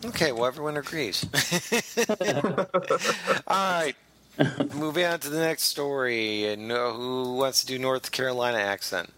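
A man's voice: medium pitch, measured pace, bright, forceful tone, a little hiss or hum. A man hosting a comedy podcast, chatting casually and rambling through stories with frequent laughter. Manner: rambling, lots of fillers and restarts, laughs often. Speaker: podcast host.

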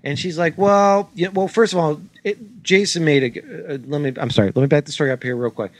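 A man co-hosting a comedy podcast, telling a story in an exasperated, swearing, animated way. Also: fairly high pitch, brisk, no echo. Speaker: podcast co-host. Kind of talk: casual chat, ranting story.

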